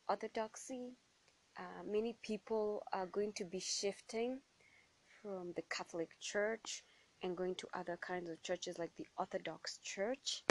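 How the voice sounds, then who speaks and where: A woman hosting a podcast, talking earnestly in a halting way, with many fillers and restarts. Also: mid-range voice, low-quality recording. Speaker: podcast host. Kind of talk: casual spiritual monologue.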